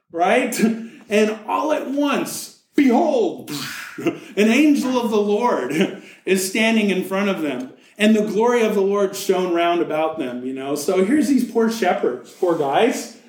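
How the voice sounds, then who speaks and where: A man with a high, lifted voice preaches at an unhurried pace. He reads scripture and then breaks into light jokes and little acted-out scenes. His voice rings through an echoey church room. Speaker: pastor. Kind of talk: sermon.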